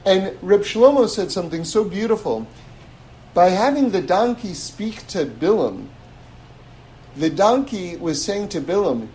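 A man teaching a scripture class in a lively, casual way, chuckling and repeating words as he thinks. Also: high-pitched, a little slow, a little hiss or hum, poor audio. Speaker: religious teacher.

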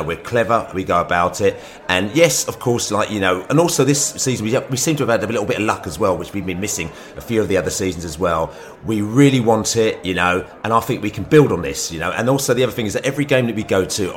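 A man hosts a fan podcast, his voice hoarse and rough after a night of singing. He talks in an upbeat, emphatic way, sitting very low in pitch. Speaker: podcast host. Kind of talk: casual fan podcast chat.

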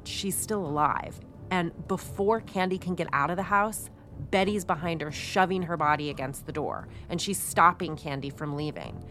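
A woman's voice: lowish voice, fairly bright tone. A woman co-hosting a podcast, telling a true-crime story in a chatty, casual way with many fillers. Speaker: podcast co-host.

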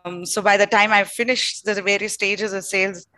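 A woman's voice: mid-range voice, little pitch movement, normal speed, sharp tone. A middle-aged woman answering as a podcast guest, thoughtfully listing points with frequent fillers. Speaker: podcast guest, company founder. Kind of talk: conversational interview answers.

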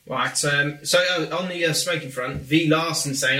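A man's voice: on the high side, normal speed. A man, co-hosting a podcast in casual banter and acting out quotes as he tells stories. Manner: animated storyteller, acts out quotes. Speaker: podcast co-host. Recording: echoey room, mic at a distance.

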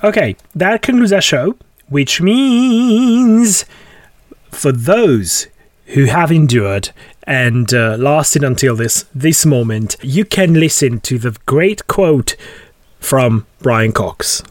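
A man's voice: fairly high pitch, expressive, slow, no room sound, studio quality. A man hosting a casual podcast, amused and easygoing, wrapping up the show. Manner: amused, easygoing, laughs often. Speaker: podcast host. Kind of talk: casual chat.

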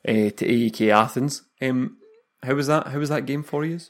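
A man's voice: mid-range voice, normal speed. A Scottish man co-hosting a football podcast, talking casually with frequent restarts and laughter. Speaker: podcast co-host.

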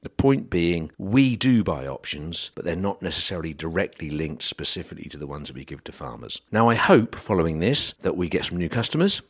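A man's voice: low-pitched, very animated, brisk, few pauses, slightly rough. A man from England, a grain trader hosting a casual radio chat, telling self-mocking anecdotes.

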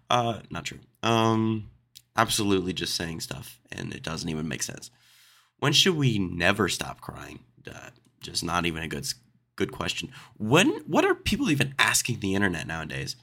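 A young man with a low, gravelly voice and a bright, forceful edge hosts a casual solo podcast. He reads questions aloud and answers them with quick sarcastic quips. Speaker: podcast host.

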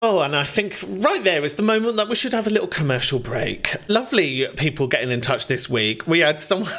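A man's voice: fairly high pitch, fairly bright tone. A chatty man hosting a phone-in show, giggling often in casual talk. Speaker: podcast host. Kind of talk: casual chat.

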